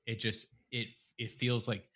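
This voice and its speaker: A man's voice: mid-range voice, level tone, unhurried, fairly bright tone. A man co-hosting a podcast, rambling in casual chat with lots of fillers, restarts and laughs. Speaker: podcast co-host.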